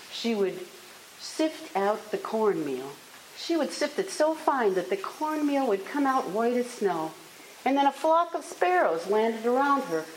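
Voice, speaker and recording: A woman storyteller telling an oral folktale in an expressive, animated way. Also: mid-range voice. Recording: echoey room with faint hiss.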